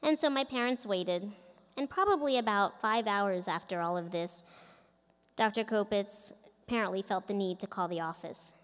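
A woman's voice: medium pitch, moderate pace. A middle-aged woman giving a commencement speech, telling a personal story earnestly from a podium microphone in a large indoor arena. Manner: earnest, storytelling with quoted voices. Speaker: commencement speaker. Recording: echoey arena from a distance.

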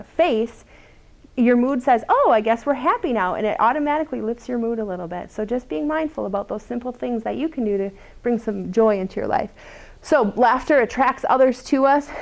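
Woman, 30s, workshop presenter, chatty and lively, fairly high voice, laughs a lot. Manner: chatty, animated, laughs often. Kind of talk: lunch-and-learn talk to a small group.

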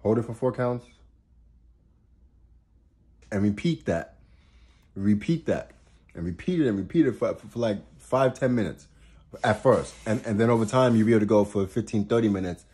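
A man's voice: fairly low pitch, lively intonation, a little fast, dark tone. A man giving astrology advice in a casual motivational monologue, emphatic, repeating and restarting words and swearing for emphasis. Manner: laughs while getting worked up.

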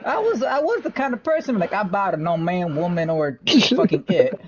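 A man's voice: high-pitched, expressive, moderate pace, dull audio. A man in casual gaming voice chat, rambling and swearing with laughs between his lines. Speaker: gamer in voice chat. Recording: loud crowd noise behind.

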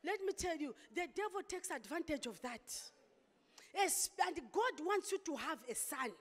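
Lady pastor preaching hard, real high voice, big echoey church hall. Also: animated, normal speed. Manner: impassioned preaching with sudden loud outbursts. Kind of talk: sermon. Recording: long hall reverb.

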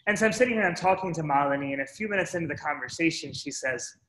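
A man's voice: a little high, expressive, fast talker, fairly bright tone, a little hiss or hum. A man earnestly telling a first-person story to an audience, stringing his sentences together with "and so". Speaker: speaker sharing a story. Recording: echoey room.

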